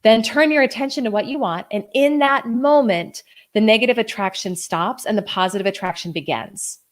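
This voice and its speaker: A woman's voice: on the high side, moderate pace. Gushing woman hosting a live coaching stream. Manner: gushing, effusive, lots of "like". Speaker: host and coach.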